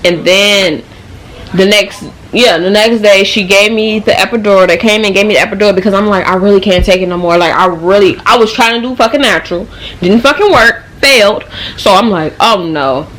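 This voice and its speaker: A woman's voice: medium pitch, a little fast. Young woman telling a profane storytime. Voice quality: profane, slangy, animated storytelling. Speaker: vlogger. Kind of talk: casual storytime.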